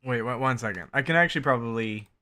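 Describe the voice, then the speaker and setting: A man's voice: mid-range voice, fast talker, pushed and bright. A male streamer chatting casually on a livestream, rambling, interrupting himself and laughing often.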